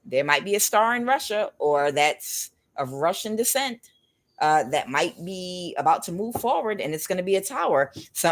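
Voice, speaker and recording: A woman with a fairly low voice reads tarot cards for her viewers in a loose, chatty way. Her pitch swings widely as she rambles and guesses aloud, speaking right to the people watching. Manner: rambling and speculative, addressing viewers directly. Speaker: tarot reader. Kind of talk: casual spiritual tarot reading.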